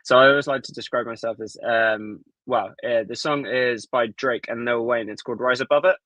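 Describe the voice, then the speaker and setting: Laid-back halting man, dry sound. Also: medium pitch, steady tone, fairly bright tone, no echo, poor audio. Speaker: podcast co-host. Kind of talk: casual podcast chat. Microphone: remote livestream call.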